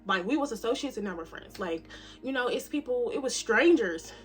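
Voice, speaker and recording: A woman in her early twenties chatting casually to camera in a vlog, animated and talkative, swinging from loud to soft. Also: fairly high pitch, a little fast, soft background music. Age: 20s. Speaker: vlogger. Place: cabin.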